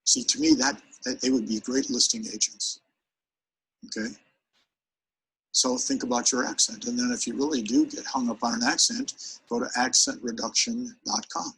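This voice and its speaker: A man leading a live training seminar, his voice gravelly and rough at the edges. He talks with plenty of energy and turns often to the crowd. His delivery is lively and direct, like a coach running a workshop. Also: medium pitch, moderate pace, low-quality recording. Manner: energetic, demonstrative, speaks straight to the audience. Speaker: sales presentation trainer.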